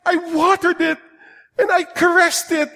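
A man's voice: very high-pitched, fairly even intonation, a little slow, vocal fry, sharp tone, long reverb tail, voice pushed up, exaggerated voice. A male preacher putting on a whiny, melodramatic voice that wails over a trivial loss. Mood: wailing. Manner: wailing, sobbing, exaggerated.

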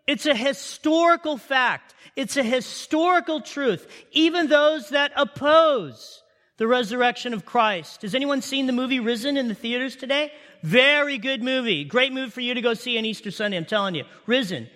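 A man preaching an Easter sermon, telling a story with animated delivery and repeating key lines for emphasis. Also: very high-pitched, moderate pace, long reverb tail. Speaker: pastor.

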